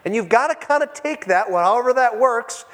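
A man preaching a sermon, retelling scripture in a lively storytelling way, acting out the voices and often restarting his phrases. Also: very high voice, moderate pace. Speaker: pastor. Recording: echoey hall with long reverb.

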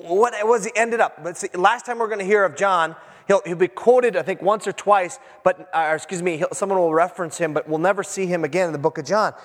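A man preaching a sermon in a lively, animated way, acting out quotes and breaking into asides. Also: sits high. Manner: animated, acts out quotes, self-interrupting asides. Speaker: pastor. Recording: long reverb of a large hall.

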